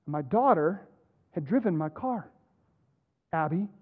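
High-voiced pastor preaching over tinny audio. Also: male voice, expressive, husky. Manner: earnest, halting with repeated restarts. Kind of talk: sermon. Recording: tinny phone-like sound.

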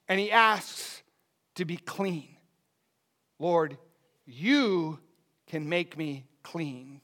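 A man preaching a sermon, his delivery dropping soft and then rising loud. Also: high-pitched. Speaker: pastor.

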